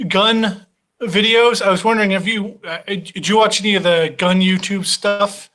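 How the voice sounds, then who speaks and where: A man's voice: sits high, fairly even intonation, moderate pace, fairly bright tone. A man joining a live stream as a guest, asking hesitant, stumbling questions. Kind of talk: casual chat.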